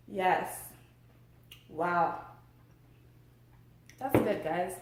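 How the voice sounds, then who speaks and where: A woman hosting a casual eating vlog who talks in a bubbly, excited way between bites. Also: mid-range voice, takes it slowly, long pauses, noisy background. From Tampa, Florida area. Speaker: mukbang vlogger. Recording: echoey room.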